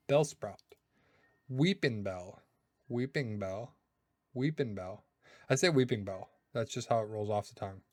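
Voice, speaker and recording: A man's voice: medium pitch, no room sound. A man in a casual read-through of names, musing aloud and second-guessing how he says them. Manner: musing, second-guessing his own pronunciations. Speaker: YouTuber.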